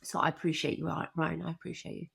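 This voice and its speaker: A woman's voice: sits low, flat delivery, fast talker, gravelly, fairly bright tone, slightly rough. Bubbly, gushing female podcast co-host. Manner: bubbly, gushing, laughs often. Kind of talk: casual chat.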